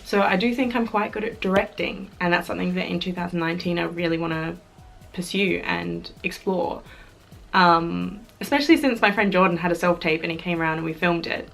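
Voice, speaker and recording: A woman's voice: lowish voice, brisk, gravelly, faint music behind. A young Australian woman chatting casually to camera in a vlog, bubbly and chatty with fillers and giggles. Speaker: YouTuber.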